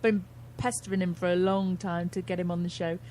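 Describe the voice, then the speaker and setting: A woman's voice: lowish voice, little pitch movement, fairly quick, a little mellow, slight background noise. A British woman from England co-hosting an online radio show, giggly and self-mocking. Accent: British English. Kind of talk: casual radio chat.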